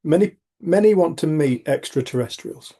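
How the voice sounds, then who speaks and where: A man's voice: a little high, expressive, moderate pace, mellow. A middle-aged man hosts a community group. He tells personal stories in a frank, rambling way, restarting sentences and swearing casually. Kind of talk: reflective personal storytelling.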